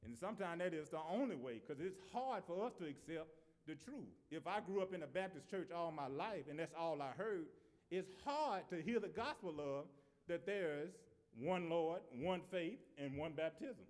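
A man's voice: on the high side, animated, normal speed, a little mellow. A man preaching a sermon in a conversational way, repeating and restarting phrases.

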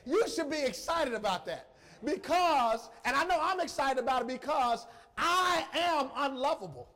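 High-voiced emotional preacher. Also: male voice, lively intonation, bright, forceful tone. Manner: emphatic, repetitive, slow emphasis; emotional, addresses congregation directly. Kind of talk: sermon.

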